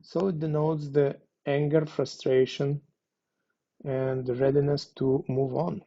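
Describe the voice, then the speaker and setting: A man teaching a language lesson, explaining slowly and deliberately, pausing often with fillers. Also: fairly high pitch, fairly even intonation, dark tone. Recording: dull lo-fi sound.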